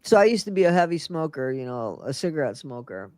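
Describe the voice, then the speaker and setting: A woman's voice: low-pitched, big pitch swings, fast talker, dark tone, dry recording. An older woman co-hosting a casual livestream chat, sleepy after working nights and rambling as she talks. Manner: rambling, trails off, repeats herself. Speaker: co-host of a livestream chat show.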